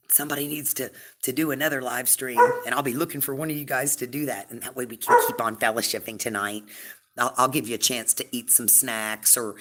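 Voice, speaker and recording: A woman hosting a casual live stream, rambling and chatty, full of fillers and warm toward her viewers. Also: very deep voice, very noisy.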